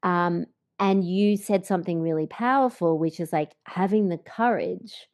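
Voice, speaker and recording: A woman hosting a conversational interview, reflective in tone, her voice often softening and trailing off at the ends of her phrases. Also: fairly low pitch, moderate pace. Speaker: podcast host.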